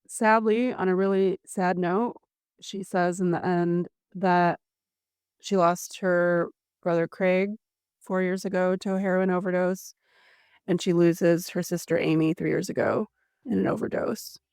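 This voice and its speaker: A woman's voice: on the low side, smooth, dry recording. Chatty woman podcast host, dry sound. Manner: chatty, sympathetic, recapping a story. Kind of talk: casual chat.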